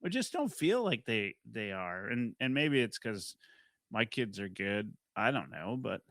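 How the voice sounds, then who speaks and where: A man from Canada who is a podcast guest in casual chat, easygoing and quick to laugh along. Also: lowish voice, very animated, a bit bright, no room sound, studio quality.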